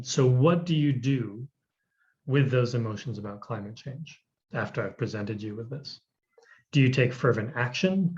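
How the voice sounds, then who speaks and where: A man's voice: mid-range voice, dull audio. A male instructor in a recorded course video, talking conversationally with frequent fillers and posing questions to the viewer. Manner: conversational, many "um"s, asks questions.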